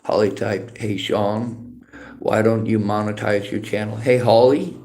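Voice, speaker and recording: Male livestreamer, gravelly and low, lecturing his chat in a profane, bitter rant. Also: fairly even intonation, measured pace, darkish tone, slight background noise. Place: library.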